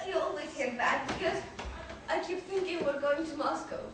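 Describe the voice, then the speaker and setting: A woman's voice: high-pitched, normal speed, natural voice. A teenage girl acting a despairing young woman in a school play, often laughing hysterically through her lines. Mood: subdued longing. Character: despairing young woman near twenty-four, restless. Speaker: student actor. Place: school theater stage. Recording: echoey stage, far mic, faint noise.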